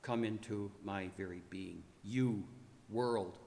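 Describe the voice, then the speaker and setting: Man playing a dying divine man, male, defiant, loud declamation, long reverb. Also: lowish voice, slow, vocal fry, slight background noise, voice pushed down. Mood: commanding. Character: dying man-god commanding the powers, defiant.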